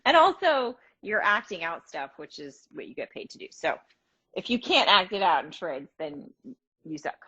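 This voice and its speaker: A woman's voice: fairly low pitch, very animated, normal speed, bright, forceful tone, breathy edge, lo-fi sound. Woman chatting casually while baking. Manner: chatty, self-deprecating, laughs easily. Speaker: actor co-hosting a live stream. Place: home kitchen. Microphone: phone or video call.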